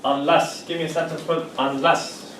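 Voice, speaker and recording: A man leads an English class, patiently working through example sentences and drawing out key words. His voice sits slightly high for a man. He is picked up from a distance in an echoey classroom with faint background hiss. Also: flat delivery, normal speed, a bit bright. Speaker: English teacher. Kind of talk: classroom teaching.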